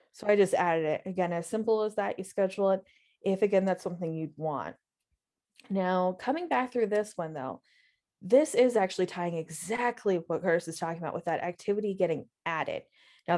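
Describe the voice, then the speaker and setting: Woman, software trainer, mellow warm voice, friendly, stresses key words. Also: lowish voice. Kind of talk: live webinar instruction.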